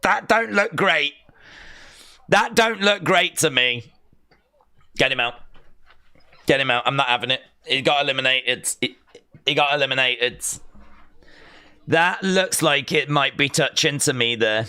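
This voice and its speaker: A man streaming a live watch-along, giving excitable, chatty commentary with mock outrage. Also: medium pitch, unhurried, pauses often, clear, resonant tone.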